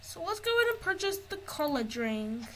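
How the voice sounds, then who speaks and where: A woman's voice: sits high, sing-song, moderate pace, pushed and bright, slight background noise, low-quality recording. A woman giving casual gameplay commentary, narrating what she finds as she explores. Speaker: gamer.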